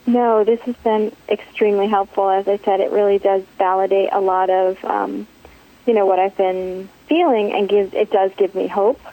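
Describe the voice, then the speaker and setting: A woman's voice: medium pitch, steady tone, moderate pace, mellow, poor audio. A woman guest on a financial advice podcast, speaking earnestly and politely. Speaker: caller seeking financial advice. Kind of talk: casual advice chat.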